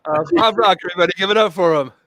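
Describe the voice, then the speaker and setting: High-voiced man hosting a comedy show. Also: rapid-fire, heavy background noise. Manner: exasperated straight man. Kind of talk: scripted comedy banter.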